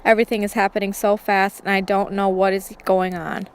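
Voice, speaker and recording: A woman's voice: medium pitch, flat delivery, brisk, smooth. A woman reading a first-person realistic fiction story aloud, voicing the characters' lines lightly in her own voice.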